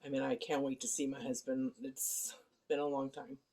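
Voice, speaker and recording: A middle-aged woman giving a casual personal video update from her home, speaking softly and haltingly with many ums and apologies. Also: a bass voice, little pitch movement. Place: at home, indoor living room. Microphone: handheld phone camera.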